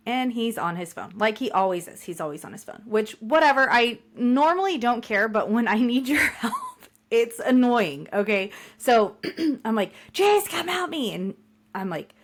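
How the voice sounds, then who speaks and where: A woman's voice: fairly high pitch, lively intonation, moderate pace. A middle-aged woman co-hosting a podcast, venting in a chatty, exasperated way about a mishap at home. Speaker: podcast co-host. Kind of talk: casual storytelling chat.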